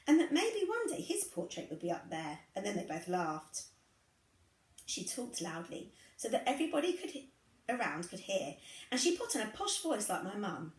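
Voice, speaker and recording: A woman reading a first-person story aloud in an expressive, conversational way. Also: on the low side, reverberant, poor audio. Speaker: reader.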